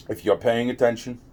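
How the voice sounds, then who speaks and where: A vlogger with a medium-pitched, slightly mellow voice rants to camera in a rambling, profane monologue. He keeps repeating himself and stumbles as he restarts his sentences.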